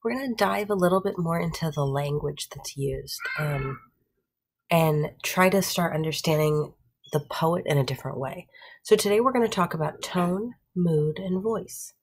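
Woman teacher, low pitched, kinda husky, explaining stuff to her class and asking right? okay? a lot. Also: normal speed. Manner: checks in with "okay?" and "right?" after points; explains patiently with everyday examples. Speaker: middle school teacher. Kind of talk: classroom lecture.

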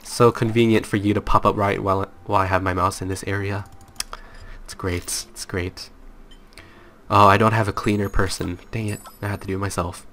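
A man's voice: on the low side, little pitch movement, a little fast, fairly bright tone. A young man hosting a let's play, playful and self-mocking as he talks to viewers at his computer. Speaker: gaming channel host.

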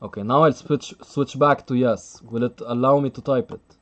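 A man's voice: mid-range voice, steady tone, moderate pace. A man commentating live chess on a stream, chatty and thinking aloud, laughing often and reading out the chat.

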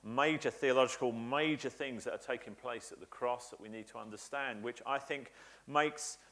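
A pastor preaches a church sermon in a mid-range, fairly bright voice at normal speed. He is earnest and emphatic, building his points through repetition and frequent "uh" fillers.

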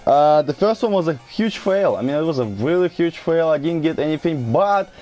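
A man with a Russian accent hosting a gaming video, excitable and chatty as he opens rewards. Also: a little high, moderate pace. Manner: excitable, yells and laughs when thrilled. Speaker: gaming channel host. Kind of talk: gameplay commentary.

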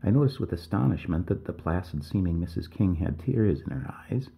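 Gravelly low-voiced man reading a story. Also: animated, mellow. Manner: measured, wry first-person telling. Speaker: story narrator. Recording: tinny phone-like audio.

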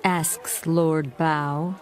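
A woman reading a simple story aloud for English learners, in a very slow, clear, measured voice. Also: low-pitched, fairly even intonation, a little mellow, a faint crowd, a little hiss or hum. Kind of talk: scripted narration for beginners.

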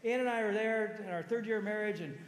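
Man, 50s, pastor, sermon, high-pitched, conversational storytelling, echoey church hall. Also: quick pace. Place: large church auditorium.

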